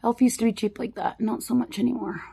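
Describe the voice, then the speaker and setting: A woman in her fifties chatting casually to camera from her desk at home about her makeup routine. She is frank and self-mocking and sometimes drops into soft muttered asides. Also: on the high side, fairly even intonation, fast, gravelly, breathy edge. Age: 50s. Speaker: vlogger doing a makeup routine.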